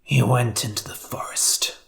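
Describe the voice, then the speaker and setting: Narrator putting on a grumpy hunter, low hushed whispery warning. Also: steady tone, measured pace, creaky. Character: stern grumpy hunter, man.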